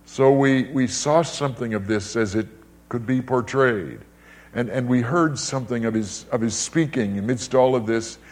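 An older male preacher delivering a sermon in an emphatic, dramatic way. His voice sits in an ordinary middle pitch, but he swings widely between loud, high emphasis and low, hushed phrases, and he often repeats his words for weight. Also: normal speed.

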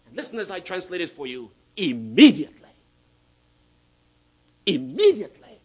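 A pastor preaching with a high, bright, ringing voice that leaps and dips all over. He stretches out key words slowly, then drops to a near hush before surging loud again. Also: animated, low-quality recording. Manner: dramatic swings between loud emphasis and hushed asides. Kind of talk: sermon.

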